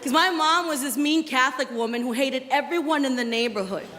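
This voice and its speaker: A woman doing a stand-up comedy set with punchy, animated storytelling. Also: high-pitched, fairly quick. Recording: echoey venue, loud laughing crowd.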